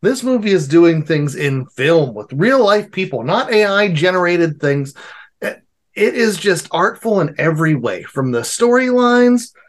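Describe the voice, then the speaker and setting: Lively, effusive male podcast co-host. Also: high-pitched, measured pace. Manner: effusive, animated, piling up praise. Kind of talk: casual review chat.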